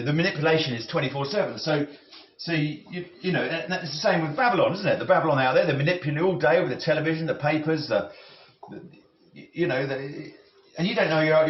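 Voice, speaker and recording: Brief: male cooking vlogger, rambling, halting restarts, slightly higher voice, roomy dull-sounding kitchen audio. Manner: musing, halting, with frequent restarts. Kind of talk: rambling talk while cooking.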